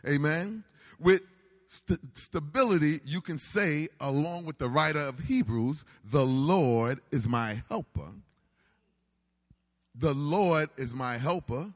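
A man preaching a sermon in a call-and-response style, building to shouts. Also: fairly high pitch, animated, slow pace. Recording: reverberant hall.

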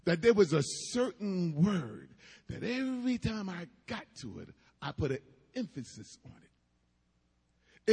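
A man's voice: high-pitched, very animated, unhurried, vocal fry, darkish tone, slightly rough, in a large hall. A man preaching a sermon with emphatic cadence and asides to the congregation.

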